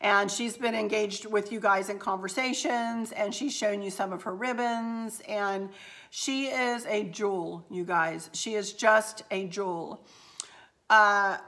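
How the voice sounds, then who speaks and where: A woman's voice: medium pitch, steady tone, takes it slowly, a bit bright. Chatty lady crafter, middle-aged, folksy and rambly, talking to her viewers. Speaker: craft channel host. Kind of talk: casual haul vlog chat.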